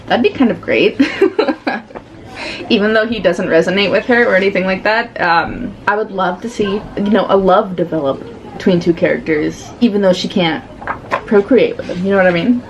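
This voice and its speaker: A woman chatting casually in a reading vlog, giving animated, sassy commentary on a book and laughing often. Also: medium pitch, normal speed, slight background noise. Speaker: book vlogger.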